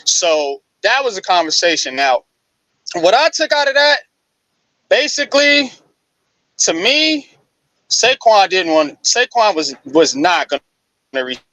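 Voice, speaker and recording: A man on a live sports talk show, explaining football news in a loose, animated way. His voice sits a little high and sounds bright and clear. The sound is dry and close, with no room echo. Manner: casual, animated retelling with frequent restarts.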